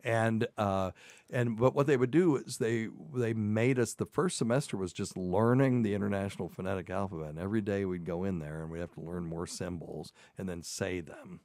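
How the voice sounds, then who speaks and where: A man in his sixties with a very low voice and a softened Southern accent. He hosts a casual talk show and tells folksy stories in a loose, easy way. The sound is close and dry. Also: moderate pace, no echo. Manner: folksy storytelling. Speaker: host. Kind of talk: casual podcast chat.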